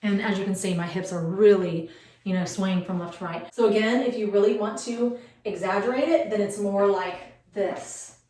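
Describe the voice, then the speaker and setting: A woman's voice: medium pitch, moderate pace, dark tone, slight background noise. A woman in her forties giving beauty tips in a casual, rambling vlog, full of fillers and asides. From United States. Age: 40s. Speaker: beauty vlogger. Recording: roomy, mic some distance away.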